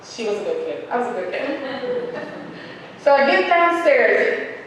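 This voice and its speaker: A young adult woman with a high voice tells an audience a personal story a little slowly, animatedly acting out the voices of the people in it. The recording has an echoey hall sound, a distant mic, and faint noise.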